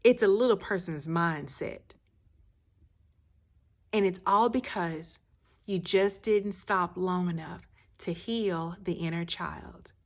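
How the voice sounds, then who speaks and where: Woman, life coach, motivational speech, unhurried, repetitive emphatic phrasing, soft near-whispered drops. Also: lowish voice.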